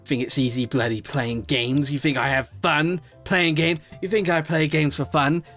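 A man doing gameplay commentary, swearing and scolding himself and his character, swinging between yelling and low muttering. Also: fairly even intonation, normal speed, faint music behind. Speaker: gaming YouTuber.

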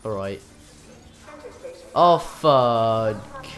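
A man's voice: lowish voice, lively intonation, extremely slow, soft background music. A man commentating his own game live, swearing often, with frustrated outbursts and panicked yelps. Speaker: gaming channel host.

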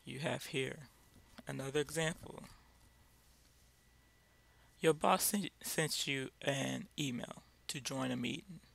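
A man's voice: mid-range voice, slow, creaky, long pauses, fairly bright tone. A man giving an informal Bible lesson, speaking directly and driving his points home with repeated rhetorical questions. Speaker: Bible teacher.

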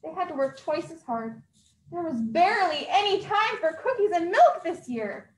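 A woman librarian reads to children with a bright, high voice that leaps and dips through every line. She acts out the sound effects with gusto. The sound is roomy and echoey, as in a library hall. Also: moderate pace. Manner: highly expressive, acting out sound effects. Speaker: youth services librarian. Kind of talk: children's story time read-aloud. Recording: echoey room.

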